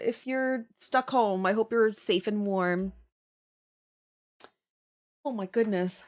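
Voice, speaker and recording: A woman's voice: mid-range voice, a little slow, pauses often. A woman streamer, out of breath, chatting casually and thinking aloud while she draws on a livestream. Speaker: streamer drawing emotes.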